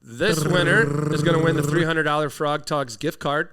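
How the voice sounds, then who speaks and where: A man's voice: on the high side, steady tone, moderate pace, background noise. A man from Wisconsin with a Wisconsin accent, hosting a podcast and chatting casually with guests. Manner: upbeat, draws giveaway winners. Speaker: podcast host.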